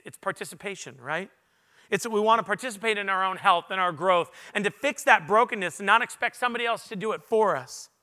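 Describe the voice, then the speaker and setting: A male pastor delivers a sermon to a big congregation in a church. His voice sits high for a man, with a sharp, ringing brightness. He talks earnestly, pushing up into loud emphatic peaks, then sinking into quiet, confessional asides. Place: church auditorium before a large congregation.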